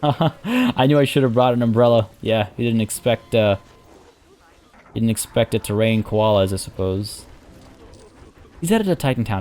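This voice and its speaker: A man casually commenting as he plays a zoo-building game, rambling and chatty, often restarting sentences and filling pauses. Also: medium pitch, lively intonation, a little mellow. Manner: rambling, chatty, self-correcting with fillers. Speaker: let's play host.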